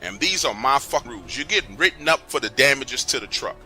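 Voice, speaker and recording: Narrator doing an angry bully boss, curt, menacing, bright-edged. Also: male voice, mid-range voice, expressive, fast, faint music behind. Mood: hostile. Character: angry domineering male boss, big and hostile.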